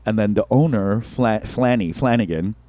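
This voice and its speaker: A man co-hosting a comedy podcast, telling a story in an animated way with frequent laughs and casual swearing. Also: fairly low pitch, moderate pace, no room sound. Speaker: podcast co-host, stand-up comedian.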